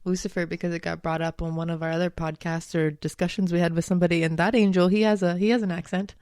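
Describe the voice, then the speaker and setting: A woman co-hosting a podcast in casual chat, telling animated stories and laughing often. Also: fairly low pitch, quick pace, clear, resonant tone, dry recording, clean studio sound. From United States. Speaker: podcast co-host and spiritual channeler.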